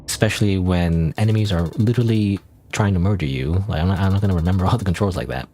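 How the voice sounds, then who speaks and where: A man's voice: sits low, quick pace, dark tone, a little hiss or hum. A man streaming a game, thinking aloud in casual commentary with many restarts and hesitations.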